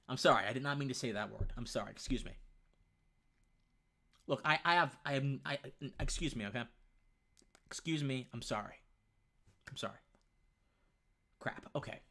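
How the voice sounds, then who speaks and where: Speaking at normal speed with a medium pitch, this young man pauses often while hosting a casual opinion livestream. He's lively and conversational, says "man" frequently, and rambles, stumbling and restarting his sentences.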